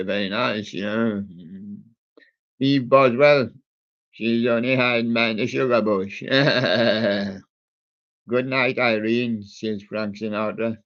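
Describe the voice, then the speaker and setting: Man, unhurried talk, rambling and jokey, muffled lo-fi audio. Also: lowish voice, steady tone, creaky. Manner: slow, rambling and jokey, with many ums and asides. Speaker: livestream host reading out a music playlist. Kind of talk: casual running commentary between old songs.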